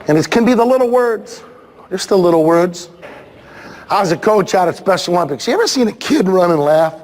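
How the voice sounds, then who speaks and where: A man giving an animated, playful talk at a school assembly, shouting for emphasis and slipping into comic impressions. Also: high voice, a little fast. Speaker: motivational speaker at a school assembly. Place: large school gym with students. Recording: reverberant hall with crowd murmur.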